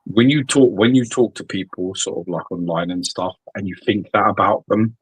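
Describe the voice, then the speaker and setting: A man's voice: on the low side, normal speed, breathy edge, no room sound, poor audio. A British man co-hosting a podcast, chatting casually with swearing-laden banter. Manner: profane, rambling banter. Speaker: podcast co-host. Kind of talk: casual chat.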